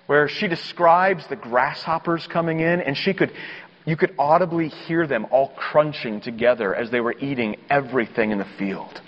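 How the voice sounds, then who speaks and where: A man preaching a sermon, emphatic and building to loud, rising exclamations. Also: on the high side. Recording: dull, hall-like reverb.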